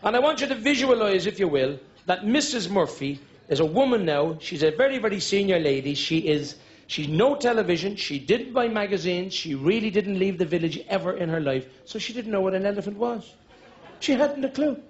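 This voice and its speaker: A middle-aged man with a Dublin accent doing stand-up, telling rambling anecdotal stories and bursting into loud shouts at the punchlines. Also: sits high, lively intonation, a little fast. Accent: Irish, Dublin. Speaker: stand-up comedian. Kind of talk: stand-up storytelling. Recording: dull live recording with audience laughter. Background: audience laughter.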